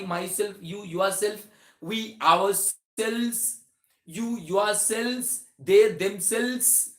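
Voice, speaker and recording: A male teacher talks through a grammar lesson in a slightly high voice. He begins many sentences with "so", restarts phrases, and slows down to stretch out each example word. The sound echoes around the room. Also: fairly bright tone. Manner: explains slowly with many "so" openers and restarts, stretches example words. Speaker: English teacher.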